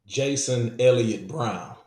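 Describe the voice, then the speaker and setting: A man's voice: medium pitch, slow, warm tone. A man hosting a podcast interview, affirming his guest and asking where listeners can find him. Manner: encouraging, affirming. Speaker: podcast host. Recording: echoey room.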